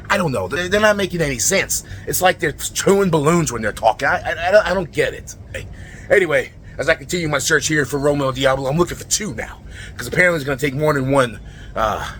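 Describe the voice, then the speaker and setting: A man cutting a brash, rambling comedic wrestling promo, full of fillers and sudden yells. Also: medium pitch, a little hiss or hum.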